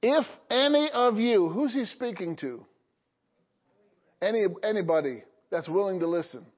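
Pastor, male, high voice, call-and-response sermon, dull lo-fi recording. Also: expressive, normal speed. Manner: call-and-response preaching, frequent "Okay?" and "Amen?".

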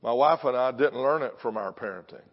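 A man's voice: mid-range voice, fairly quick. An older man preaching a sermon in a punchy, confrontational style, pressing the congregation with questions. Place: church sanctuary. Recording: dull sound with long hall reverb.

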